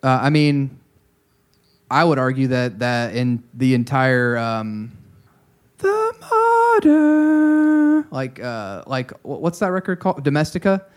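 A man in casual conversation about songs and records. He talks in loose, meandering sentences, stopping and restarting as he thinks, at an everyday middle pitch. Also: measured pace, clear, resonant tone. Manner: rambling, many fillers and restarts. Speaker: podcast co-host. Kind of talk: casual music discussion.

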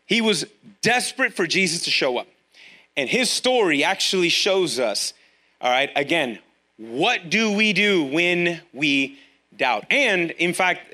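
High, bright-voiced young-sounding preacher. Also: male voice. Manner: energetic, conversational, slangy. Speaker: pastor. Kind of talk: casual sermon.

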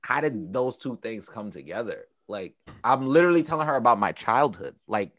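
A man's voice: medium pitch, moderate pace. A young man from Brooklyn, co-hosting a podcast and telling stories in loose, slangy casual chat. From Brooklyn, New York. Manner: loose, animated storytelling with slang and laughter. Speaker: podcast co-host.

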